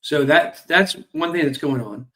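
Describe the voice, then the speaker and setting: This crypto show host has a somewhat high, slightly bright voice with lively intonation and a moderate pace, heard over a streaming mic. He's tired and yawning while he casually goes through company news, commenting with jokes, fillers, and apologies.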